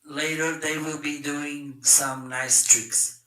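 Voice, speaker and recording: A man's voice: fairly high pitch, level tone, sharp tone. A man from South Africa co-hosting a live shopping stream, demoing a mic and speaker with playful jokes. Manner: playful, joking, unhurried. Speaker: live shopping show co-host. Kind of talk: casual live-stream product demo. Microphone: handheld mic through a speaker.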